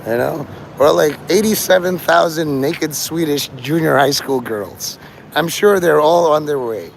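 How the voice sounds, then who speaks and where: Gravelly, profane man livestreaming outdoors. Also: fairly high pitch, a little slow, a little hiss or hum. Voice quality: gravelly, strained voice he calls his normal one. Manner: rambling, profane, free-associating, talks to chat. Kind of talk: rambling live stream monologue. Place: outdoors on a city street.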